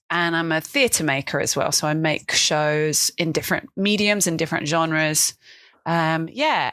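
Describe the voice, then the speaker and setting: A woman's voice: on the low side, a bit bright, no room sound. A woman chatting casually as a podcast guest, self-mocking and laughing often. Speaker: guest improviser.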